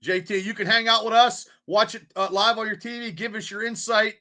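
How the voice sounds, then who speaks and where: Man, high bright voice, easygoing casual podcast host. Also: flat delivery, fairly quick.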